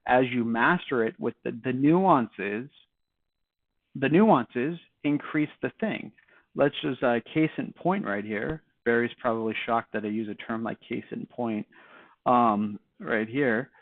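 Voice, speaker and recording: A man's voice: medium pitch, a little slow, no room sound. Guy coaching cold calls, casual and chatty, thin phone-ish sound, dry. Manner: lively, chatty, acts out both sides of calls. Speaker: sales trainer. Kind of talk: casual training talk. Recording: dry tinny phone-like audio.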